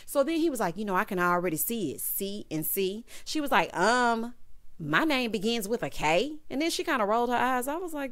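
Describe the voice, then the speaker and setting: A woman hosting a reality show recap, talking in a sassy, animated way with lots of asides to her viewers. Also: fairly high pitch, brisk. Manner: sassy, animated, quotes cast members in voices. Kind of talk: casual recap commentary.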